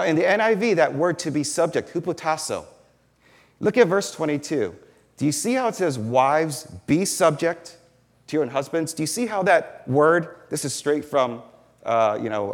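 A man's voice: a little high, lively intonation, normal speed. A man giving an earnest sermon as a pastor, explaining a passage point by point and pressing hard on the words that matter. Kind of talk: sermon teaching. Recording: long hall reverb.

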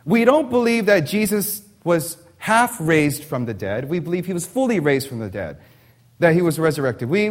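Animated preacher with lively pitch. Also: male voice. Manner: animated storytelling with rhetorical questions. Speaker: pastor. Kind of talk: sermon.

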